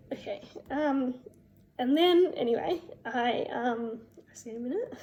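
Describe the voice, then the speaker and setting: A young woman telling her personal story in a vlog, emotional and halting, with many fillers and restarts. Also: high-pitched, darkish tone, dull audio. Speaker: vlogger.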